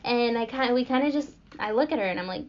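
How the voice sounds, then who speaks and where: Young woman, casual storyteller, filler-heavy, giggly, fairly high pitch, lo-fi recording. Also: lively intonation, fast talker. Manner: rambling with frequent fillers and giggles. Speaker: podcast host. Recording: dull lo-fi recording.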